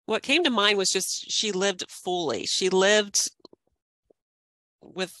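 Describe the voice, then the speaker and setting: A woman's voice: medium pitch, slow, a bit bright. A woman in her fifties, a life coach, talking reflectively and earnestly as a podcast guest, laughing often. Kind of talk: podcast interview.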